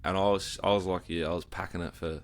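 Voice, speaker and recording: A man's voice: low-pitched, steady tone, fast talker. An Australian man co-hosting a podcast, bantering easily and leading into the next segment. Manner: easygoing banter, leads segments. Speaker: podcast co-host. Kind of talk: casual chat.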